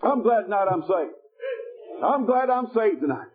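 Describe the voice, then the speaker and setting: A man preaching a fiery revival sermon, shouting in a rhythmic, folksy way. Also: high voice, lively intonation, moderate pace. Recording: tinny phone-like audio.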